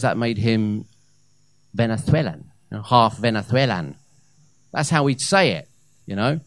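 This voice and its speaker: A man in his thirties performing a live stand-up set on a comedy club stage into a handheld mic, with hesitant fillers and loud punchlines. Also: on the low side, no room sound. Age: 30s.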